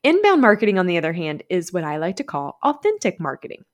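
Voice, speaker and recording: A woman's voice: fairly low pitch, very animated, fast talker. A woman with a Southern US accent hosting a podcast, talking chattily and upbeat and laughing often. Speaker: podcast host. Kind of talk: podcast monologue.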